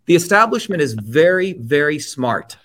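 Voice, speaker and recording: A man's voice: a little high, very animated, moderate pace, fairly bright tone. A middle-aged man from India, an interview guest delivering a heated political monologue, blunt and profane, with mocking asides.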